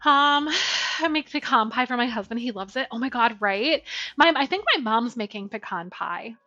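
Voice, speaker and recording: A woman's voice: lively intonation, moderate pace, sharp tone, no echo, highs cut off, soft background music. A young woman chatting casually through a cooking livestream, talking to her viewers. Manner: chatty, talks to her dog in a high baby voice. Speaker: streamer.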